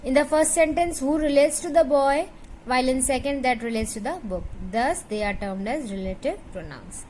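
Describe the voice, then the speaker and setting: High-voiced Indian English woman teaching. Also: darkish tone, slight background noise, rough recording. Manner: patient, checks understanding with "right?"; drills word lists slowly. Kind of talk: grammar lesson explanation.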